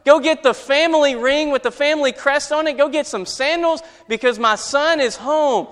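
A man's voice: extremely high pitch, fairly even intonation, a little slow, a bit bright. A preacher voicing an overjoyed father calling out. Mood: jubilant. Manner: exclaiming, calling out orders. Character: overjoyed father welcoming his son home. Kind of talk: sermon. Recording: reverberant hall.

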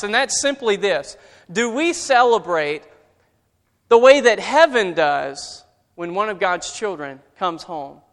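A preacher with a very high voice tells a parable in a sermon, and his words ring out with a long reverb as if in a large hall. He shifts from rising energy to hushed, tender passages as he tells the story. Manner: storytelling, builds intensity, drops to quiet for emotion. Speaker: pastor.

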